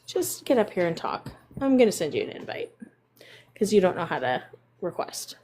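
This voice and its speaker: A woman hosting a casual live stream, chatting with viewers and cooing at her dogs in a high baby voice. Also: big pitch swings, quick pace, darkish tone. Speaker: livestream host.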